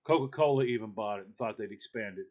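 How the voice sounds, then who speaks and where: A man's voice: lowish voice, fast talker, a little mellow, lo-fi sound. A man telling a long, rambling story in casual podcast chat, with many fillers and restarts.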